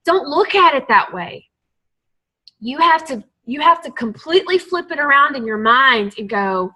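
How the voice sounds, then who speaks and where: A woman's voice: high voice, expressive, a little slow, sharp tone, rough recording. A woman leading a team call, giving an earnest, emotional motivational talk to her group. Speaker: team leader on a coaching call.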